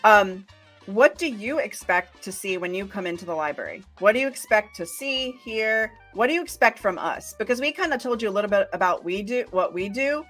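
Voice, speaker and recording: Brief: friendly, chatty woman librarian, mid pitch, faint music under her. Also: expressive, a little fast, a bit bright. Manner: chatty, laughs easily, asks viewers questions. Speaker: librarian co-host. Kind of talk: casual livestream chat.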